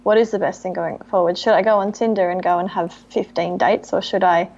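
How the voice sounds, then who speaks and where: A woman's voice: lowish voice, steady tone, a little fast, darkish tone. A woman talks earnestly and thoughtfully as a guest in a casual chat. The recording sounds a little dull and muffled.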